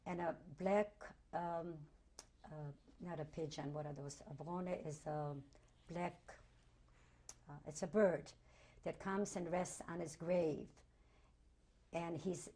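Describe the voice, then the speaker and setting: Older woman in her sixties, Holocaust survivor, reflective and tender, repeats words for emphasis, warm and mellow tone. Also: lowish voice, steady tone, slow pace, pauses often. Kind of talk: oral history interview.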